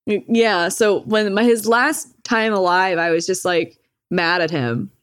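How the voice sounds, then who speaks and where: Woman just chatting, cursing a lot, laughs a bunch and does little voices when she quotes people, normal pitch. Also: measured pace, clear, resonant tone. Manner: profane, laughs often, acts out quoted lines. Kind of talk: casual chat.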